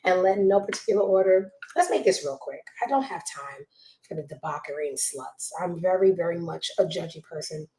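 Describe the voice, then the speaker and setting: A woman hosting a gossip show from home on a desk mic, blunt and judgmental, swinging between loud outbursts and hushed asides. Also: on the low side, brisk, echoey room, a little hiss or hum, low-quality recording. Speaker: show host. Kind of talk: casual gossip commentary. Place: home room with a child nearby.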